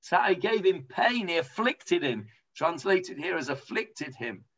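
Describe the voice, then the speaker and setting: A man's voice: on the high side, big pitch swings, a little slow, fairly bright tone, slightly rough, highs cut off. A man with an English accent teaching an informal Talmud class, chatty and full of hesitations. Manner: chatty explaining, lots of hesitations.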